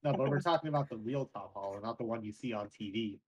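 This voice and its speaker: A man playing a fake celebrity in an improvised comedy bit, joking in a dry, deadpan way. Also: on the low side, fast talker, close to an everyday voice, rough recording.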